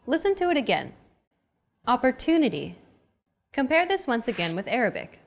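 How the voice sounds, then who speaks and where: A woman's voice: on the high side, huge pitch swings, fast talker. A woman hosting a language lesson, giving scripted, encouraging explanations in an upbeat way.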